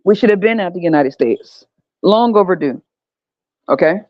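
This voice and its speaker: A woman's voice: on the low side, animated, moderate pace, dry recording. Woman host, blunt and sarcastic, swearing through a heated rant; dull, dry recording. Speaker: podcast host. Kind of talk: profane ranting monologue.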